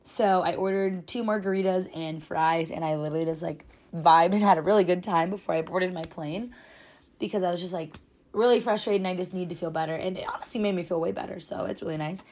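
Young female podcast host, twenties, somewhat low pitch, casual and dramatic storytime delivery. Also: steady tone, fast, darkish tone. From United States. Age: 20s. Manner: chatty, dramatic, lots of "like".

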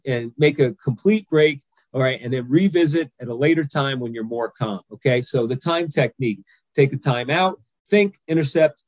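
A man in a podcast interview lays out an anger control technique step by step, pausing often to ask "okay?". His voice is mid-pitched, recorded close and dry with no room sound. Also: a little mellow, dry recording. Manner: explains step by step, frequent "okay?" check-ins. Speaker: anger management coach and author.

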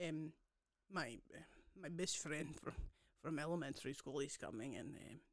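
A woman co-hosting a podcast in casual chat, tossing in joking quips and quick interjections. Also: sits low, no room sound, studio quality. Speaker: podcast co-host.

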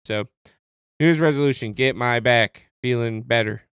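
A man's voice: mid-range voice, moderate pace, fairly bright tone, clean tone, no room sound, clean studio sound. A man co-hosting a podcast in casual chat, blunt and jokey with lots of swearing. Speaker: podcast co-host.

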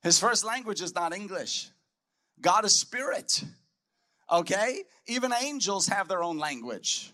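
Male preacher, bright, slightly high, emphatic delivery, conference sermon. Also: animated, unhurried. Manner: emphatic, repeats key phrases. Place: conference hall.

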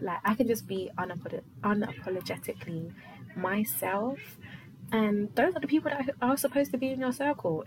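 A young adult woman from London, hosting her own podcast in a rambling, casual solo chat full of fillers and quick laughs. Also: mid-range voice, noisy background. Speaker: podcast host.

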